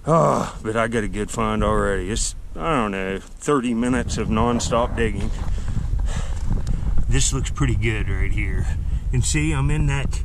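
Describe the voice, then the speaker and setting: A man vlogging while he digs for old bottles at a dump in the woods, out of breath, excitedly marveling aloud at what he finds. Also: medium pitch. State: out of breath in the heat. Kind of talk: casual narration while digging. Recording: outdoor ambience noise.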